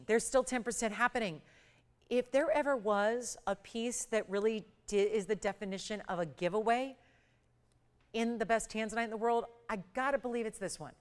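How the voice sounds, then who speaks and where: Excitable woman hosting live jewelry sales. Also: fairly high pitch, smooth. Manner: urgent, excitable, building hype over prices. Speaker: jewelry shopping channel host. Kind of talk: live home-shopping sales pitch.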